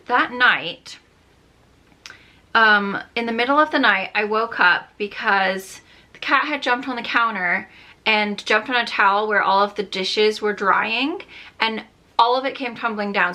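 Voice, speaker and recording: A woman's voice: medium pitch, sharp tone. A woman in her thirties telling a rambling story while doing her makeup, full of "like" and sometimes dropping to a near whisper. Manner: chatty, lots of "like", drops to a near whisper at times. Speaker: beauty vlogger.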